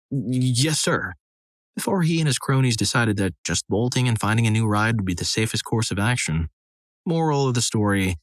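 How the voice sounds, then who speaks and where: A man narrating a series of reader-submitted stories in a steady, scripted storytelling read. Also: on the low side, no echo.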